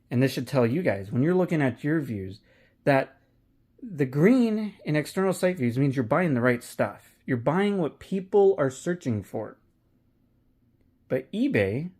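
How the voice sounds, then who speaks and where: A man's voice: fairly high pitch, a little mellow. A man talking casually as an online reseller, candid and profane, rambling with frequent restarts. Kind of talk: casual vlog commentary.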